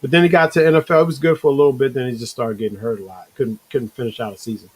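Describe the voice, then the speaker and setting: A man's voice: medium pitch, steady tone, very fast, slightly rough, low-quality recording. A man hosting a live-streamed talk show, chatting loosely with viewers, calling them bro and reading their comments aloud. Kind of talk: casual live-stream chat.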